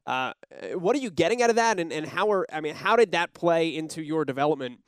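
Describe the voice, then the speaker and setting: Smooth-voiced man asking winding questions. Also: a little high, expressive, fast, no room sound, studio quality. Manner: long, winding questions with ums. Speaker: interview host. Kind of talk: casual interview questions.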